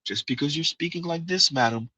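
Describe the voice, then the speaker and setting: A soft, prim, condescending talker, as a man puts him on, quiet and over-enunciated. The voice drops low and hushed and sounds falsely gentle. The room is dry. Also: fairly quick, husky, no room sound, rough recording. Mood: mock-genteel. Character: soft-spoken, prim, condescending male commentator.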